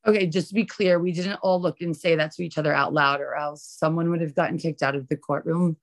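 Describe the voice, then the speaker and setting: A woman's voice: low-pitched, steady tone, fast talker. A woman lawyer, a podcast guest, explaining a court case in a confident and slightly gloating way. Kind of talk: casual podcast interview.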